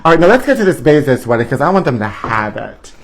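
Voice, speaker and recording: A man's voice: medium pitch, sing-song, fast talker, gravelly, slight background noise. A man hosting a live comedy show in a campy, flamboyant way, drawing out words and breaking into sudden squeals.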